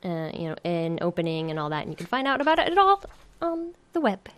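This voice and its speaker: A woman's voice: fairly low pitch, very animated, quick pace, smooth, no room sound. A woman co-hosting a casual podcast, giggly and rambling, with many fillers. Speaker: podcast co-host.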